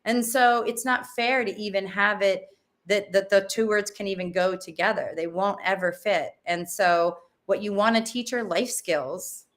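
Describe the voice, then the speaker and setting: A middle-aged woman, a guest on a parenting interview, telling stories in a lively, animated way. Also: medium pitch, a little slow. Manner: animated storyteller. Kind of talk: casual interview.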